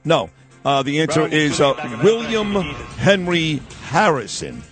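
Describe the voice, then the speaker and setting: A man's voice: a little high, very animated, measured pace, over music. A man hosting a radio show, joking crudely and quizzing a caller. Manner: brash, profane, teasing.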